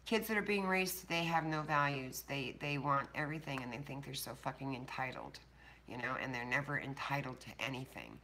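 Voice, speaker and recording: Older woman, livestream host, blunt, profane, bright edgy voice, casual chat. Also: rumbling low, expressive, a little fast. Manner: blunt, profane, talking straight to chat viewers. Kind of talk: casual live-stream chat.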